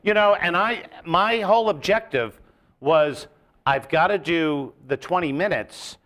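Bright-voiced comedian telling animated stories. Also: male voice, measured pace. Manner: animated storyteller, jumps into loud high-pitched crowd impressions. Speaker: comedian guest. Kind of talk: casual storytelling on a podcast.

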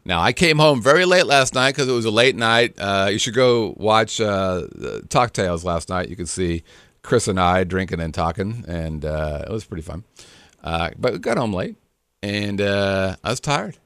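Middle-aged male co-host, low and lively, playful banter, dry studio sound. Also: moderate pace, smooth, no echo. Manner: joking, teasing, does silly voices. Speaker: podcast co-host. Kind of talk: casual banter.

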